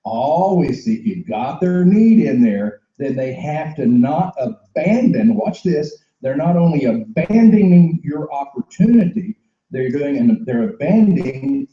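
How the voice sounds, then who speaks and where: A man's voice: on the high side, sing-song, unhurried, dark tone, reverberant, highs cut off. A man giving an emphatic, repetitive sales training talk and acting out sales dialogues.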